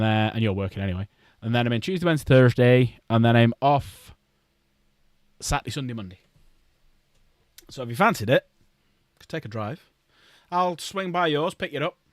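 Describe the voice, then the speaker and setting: A man's voice: mid-range voice, no room sound. A man streaming casually, chatting and rambling to viewers while building models. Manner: rambling, chatty, talks to chat.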